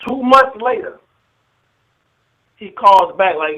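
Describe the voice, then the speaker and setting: A man's voice: high-pitched, moderate pace. A man, a battle rapper, tells the story of a money dispute in a played interview clip, speaking in profane, streetwise language and acting out the phone calls in quoted dialogue. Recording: tinny phone-like audio.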